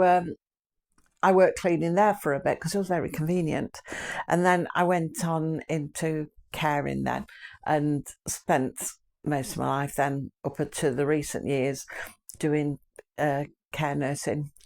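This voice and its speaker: An older woman with a slightly low voice chats casually to her viewers. She rambles from memory to memory and laughs often. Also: steady tone, takes it slowly, gravelly, long pauses, a little mellow. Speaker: vlogger, channel host. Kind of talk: casual chat.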